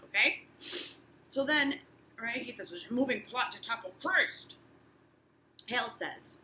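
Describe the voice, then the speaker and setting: A woman's voice: fairly high pitch, expressive, a little slow, long pauses, reverberant, rough recording. A woman teacher reading a play aloud to her class, taking every part and breaking off to explain words. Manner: reads all the parts, rising and loud for shouted lines.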